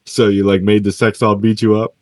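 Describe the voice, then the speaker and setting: A man's voice: on the low side, flat delivery, fairly quick, darkish tone, no echo. A man co-hosting a podcast, laid-back and laughing often as he retells comedy sketches. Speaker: podcast co-host. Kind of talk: casual chat.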